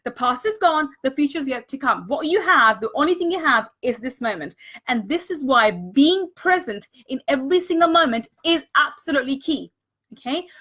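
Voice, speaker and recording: A woman's voice: high voice, expressive, normal speed, a bit bright. A woman giving a live-streamed coaching talk on money mindset, earnest, repeating words for emphasis and greeting viewers as she goes. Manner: greets viewers and thanks them mid-talk.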